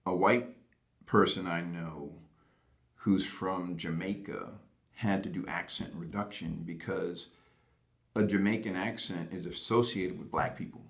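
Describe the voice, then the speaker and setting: Gravelly low man. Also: fairly even intonation, measured pace. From Boston, USA. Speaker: interviewee. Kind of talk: reflective interview talk.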